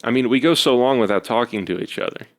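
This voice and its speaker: A man with a medium-pitched voice talks fast as he co-hosts a casual podcast chat with his wife. He rambles, makes self-deprecating remarks and uses lots of fillers.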